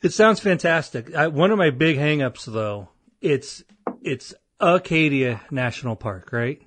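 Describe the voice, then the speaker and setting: A man's voice: a little high, animated, a little slow, fairly bright tone, dry recording. A man hosting a podcast in casual chat, telling stories in a rambling, self-deprecating way. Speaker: podcast host.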